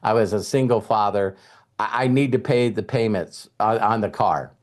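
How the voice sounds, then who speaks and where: A man's voice: fairly low pitch, moderate pace. A man speaking as a motivational speaker, retelling a past conversation to an audience in a conversational way with emphasis. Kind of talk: storytelling speech to an audience.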